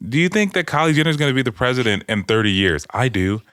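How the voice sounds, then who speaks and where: A bright, crisp male voice with a dry, close sound, hosting a loose podcast among friends. He teases and jokes constantly, breaking into laughter and cursing casually. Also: mid-range voice, sing-song, quick pace, dry recording. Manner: joking, laughs often, profane. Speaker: podcast host.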